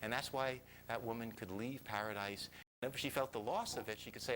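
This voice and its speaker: Confessional male storyteller, hushed to loud. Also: mid-range voice, steady tone, brisk, slight background noise, rough recording. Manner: confessional, swings from hushed to loud, laughs often. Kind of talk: personal storytelling to a live audience.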